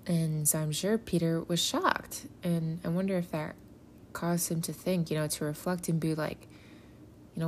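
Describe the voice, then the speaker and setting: A woman's voice: sits low, fairly even intonation, normal speed, a little mellow, a little hiss or hum. A young adult woman reflecting casually on a Bible story, rambling and informal with many "you know" and "like" fillers.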